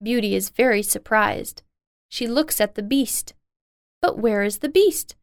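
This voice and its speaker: A woman narrating a simple storybook in a slow, plain, even way. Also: on the high side, dry recording, studio quality. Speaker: reader.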